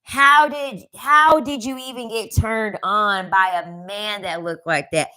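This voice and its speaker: A woman's voice: medium pitch, steady tone, takes it slowly, bright, forceful tone, low-quality recording. A woman giving a casual commentary rant, sassy and emphatic, often repeating her lines for effect. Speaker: commentary vlogger.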